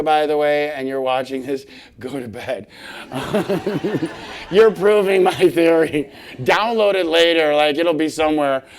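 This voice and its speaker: A middle-aged man giving a humorous conference talk, animated and laughing often as he acts out little scenes. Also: fairly high pitch. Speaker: conference speaker. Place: conference hall stage.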